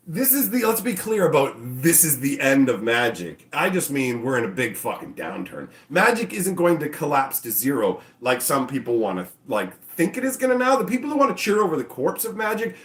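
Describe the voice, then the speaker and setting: A man's voice: mid-range voice, fairly bright tone. A man hosting his own channel, ranting casually and profanely and acting out mocking voices. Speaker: channel host. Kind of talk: casual opinion rant.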